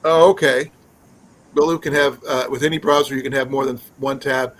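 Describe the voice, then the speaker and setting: A man's voice: mid-range voice, fairly even intonation, moderate pace, rough recording. A man hosting a casual live stream, chatting in a rambling way with many fillers and restarts. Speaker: livestream host.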